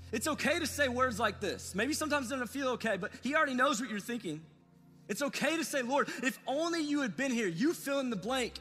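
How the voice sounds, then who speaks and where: A man's voice: very high voice, sharp tone, husky. A man preaching a sermon as pastor, earnest and repetitive, speaking straight to his listeners. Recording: long hall reverb with faint music.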